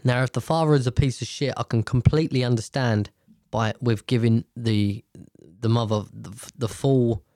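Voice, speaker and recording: A man hosts a solo podcast from a table at home, rambling casually, swearing freely, and often restarting his sentences. His medium-pitched, slightly mellow voice has fairly even intonation and normal speed, captured clean in studio quality with no echo.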